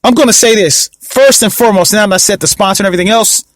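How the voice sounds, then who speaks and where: High-voiced man hosting a casual podcast. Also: fast talker, no echo. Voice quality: sarcastic, rambling delivery. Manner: sluggish, mock-excited intro. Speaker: podcast host.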